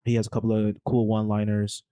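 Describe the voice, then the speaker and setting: A man's voice: on the low side, completely flat delivery, fast talker, dark tone, dry recording. A man recapping a movie on a podcast, telling the plot in a rambling, slangy, casual way. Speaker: podcast co-host.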